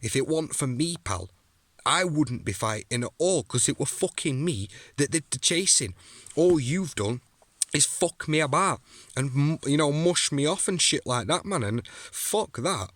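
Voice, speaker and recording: A man's voice: fairly high pitch, lively intonation, a little slow, fairly bright tone, no echo. A young man ranting angrily to camera at a rival, aggressive and sweary. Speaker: amateur fighter calling out a rival. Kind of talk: angry rant to camera.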